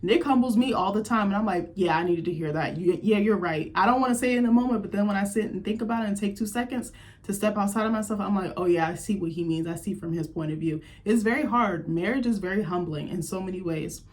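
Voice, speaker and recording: A woman's voice: medium pitch, fast, few pauses, a little mellow. A woman giving a candid, chatty recap of a TV episode in her vlog, sharing her opinions with plenty of fillers. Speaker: TV recap vlogger.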